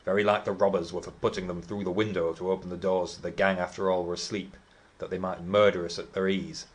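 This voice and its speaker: A man voicing a rough, suspicious manservant who speaks gruffly and accusingly. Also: low-pitched, level tone, quick pace, lightly acted.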